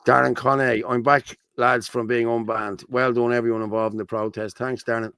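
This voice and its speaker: A man's voice: mid-range voice, flat delivery, fairly quick, a bit bright, clear, resonant tone, no room sound. A man with a Dublin accent hosting a casual livestream, talking bluntly and reading out viewer comments. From Ireland. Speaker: host.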